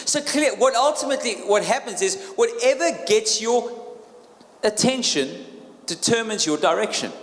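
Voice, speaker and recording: Male preacher, higher voice, emphatic sermon delivery, long hall reverb. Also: expressive, normal speed, fairly bright tone. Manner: emphatic, repeats key phrases, asks the crowd questions.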